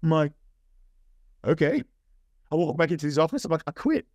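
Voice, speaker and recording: An Australian man, a young adult guest, telling lively anecdotes in casual chat, often tagging lines with "right?" and acting out what people said. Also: a little high, a little fast, no room sound, clean studio sound. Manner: animated anecdotes with "right?" and "I'm like". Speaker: interview guest. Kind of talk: casual storytelling.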